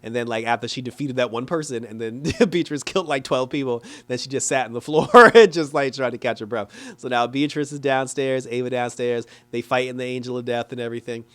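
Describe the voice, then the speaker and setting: Brief: man, mid-pitched, casual show reviewer, animated and chatty, laughs through the recap. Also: brisk, few pauses. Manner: acts out characters in exaggerated quoted voices.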